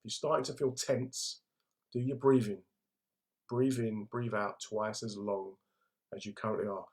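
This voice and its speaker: A man's voice: fairly low pitch, level tone, a little slow, a little mellow. Man, middle-aged, London accent, comedian hosting a livestream, laddish, jokey, chatty. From England. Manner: laddish, jokey, chatty, reads out viewer comments. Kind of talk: casual livestream chat.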